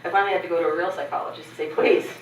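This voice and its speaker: A middle-aged woman with a fairly low voice gives a keynote address, mixing candid personal stories and humor. She is recorded from a distance in an echoey conference hall. Faint noise stays underneath her voice throughout. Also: steady tone, very fast. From Canada. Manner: candid, humorous, acts out others' lines. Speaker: keynote speaker.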